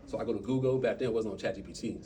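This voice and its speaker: A man telling stories and coaching his team in an impromptu motivational talk, animated, with quick bursts and trailing asides. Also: fairly low pitch, far from the mic, background noise. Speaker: speaker at a team meeting.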